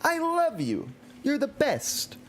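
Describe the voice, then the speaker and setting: A man's voice: wildly swooping pitch, slow pace, fairly bright tone, slight background noise, full character voice. A man putting on a giddy sweet-talking wife. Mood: affectionate. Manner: high singsong with kissing noises.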